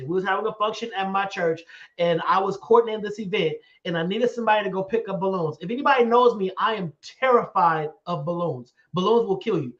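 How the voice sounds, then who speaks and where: A man hosting a live talk show, telling stories with excitement and quick laughs. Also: high-pitched, muffled recording. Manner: excitable storyteller, laughs often, dramatic about fears. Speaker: show host. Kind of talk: animated live-stream chat.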